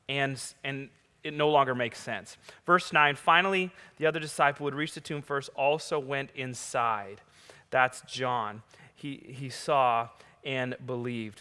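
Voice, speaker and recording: A man preaching a sermon, reading scripture and retelling the story in an animated, conversational way. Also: medium pitch, smooth. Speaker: pastor. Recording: large hall with long reverb.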